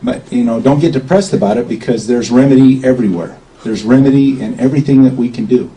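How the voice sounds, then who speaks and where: A man's voice: medium pitch, quick pace, mellow, poor audio. A man giving an informal talk to a small crowd, rambling in a folksy way and often checking in with "okay?". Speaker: speaker at a public gathering.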